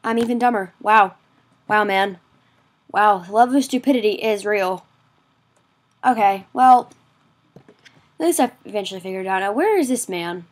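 A woman giving casual gameplay commentary, excitable and quick to exclaim, often mocking herself. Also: mid-range voice. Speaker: gaming video creator.

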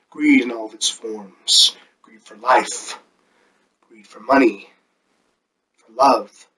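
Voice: breathy edge, heavily acted, rough recording. A performer doing Gordon Gekko, a ruthless corporate raider. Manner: speechifying, swings between loud high emphasis and low whispered lines. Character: ruthless slick male corporate raider addressing shareholders. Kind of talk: amateur movie monologue performance.

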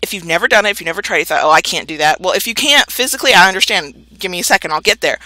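A woman's voice: mid-range voice, lively intonation, rapid-fire, sharp tone, no echo, rough recording. A woman hosting a podcast, talking frankly and jokingly in a candid monologue. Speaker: podcast host.

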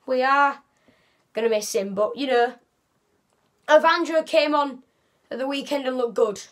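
A woman's voice: high voice, unhurried, fairly bright tone. A woman giving a casual, rambling football match reaction as a fan vlogger, often correcting herself.

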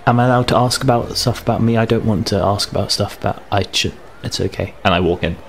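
A man's voice: lowish voice, fast talker, vocal fry, a little hiss or hum. A man playing at a tabletop game, speaking casually and a little hesitantly. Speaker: player.

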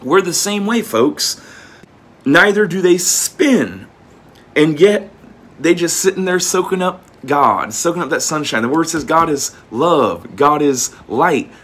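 A man preaches casually at a measured pace, his animated voice fairly high and fairly bright with a slightly rough edge. After reading old-fashioned scripture, he explains it in down-to-earth talk, often repeating himself.

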